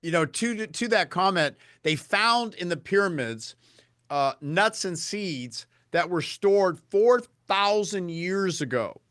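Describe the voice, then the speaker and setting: A man with a notably high voice, captured close and dry with almost no room sound. He is an eager storyteller who slips into lecturing about nutrition, talking casually as a podcast guest. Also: expressive, takes it slowly, a bit bright, dry recording. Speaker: podcast guest, health and longevity speaker. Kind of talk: casual conversation.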